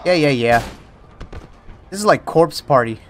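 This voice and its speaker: A man's voice: a little high, animated, unhurried, slight background noise. A young man giving jokey, jumpy let's-play commentary on a horror game, yelping and panicking at scares. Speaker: streamer playing a horror game. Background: faint game music.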